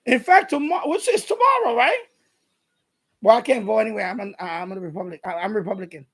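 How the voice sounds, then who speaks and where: Live stream host, New man, husky, profane and combative, casual rant. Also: high-pitched, expressive, a little fast, fairly bright tone. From New York. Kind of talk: casual ranting monologue.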